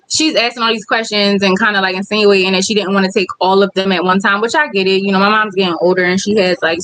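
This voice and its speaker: A woman's voice: mid-range voice, bright, forceful tone, poor audio. A woman vlogger with kids, talking candidly on a casual livestream and reading viewer comments aloud. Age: adult with kids.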